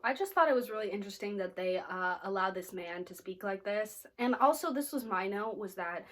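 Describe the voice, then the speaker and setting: A woman's voice: medium pitch, animated, a little fast, a bit bright. An American woman chatting casually about her reading, filling her talk with "like" and teasing asides. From United States. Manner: chatty, lots of "like" fillers, playfully snarky. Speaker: book vlogger. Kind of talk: casual reading wrap-up chat.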